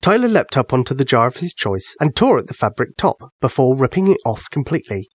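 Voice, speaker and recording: A man narrating a children's bedtime story with an expressive reading. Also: medium pitch, brisk, hardly any pauses, slightly rough, no room sound, studio quality.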